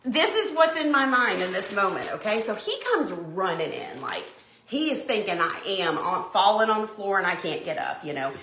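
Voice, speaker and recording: A woman hosting a home craft video, chatting and telling a story in an animated, exclaiming way as she works. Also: medium pitch, normal speed, a little hiss or hum. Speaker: DIY crafting host. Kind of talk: casual storytelling while crafting. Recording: roomy echo.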